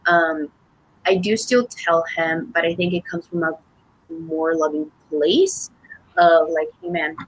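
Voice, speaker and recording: A woman's voice: deep voice, slow pace. A young woman telling a personal story on a podcast, rambling with many fillers and restarts and casual swearing. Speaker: podcast co-host.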